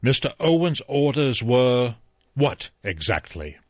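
A man reading an audiobook, voicing an elderly judge who speaks dryly and with measured authority. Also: medium pitch, sing-song, no echo, voice pushed up. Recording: slightly dull dry recording.

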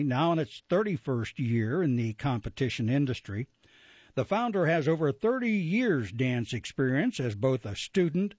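A man reads through a list of upcoming shows and dates with an animated, rising and falling delivery. He drops in casual asides and corrects his own slips. The sound is dry and a little dull. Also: mid-range voice, slightly rough, no echo. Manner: lively, self-correcting, with asides. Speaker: radio events announcer. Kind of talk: reading an events calendar.

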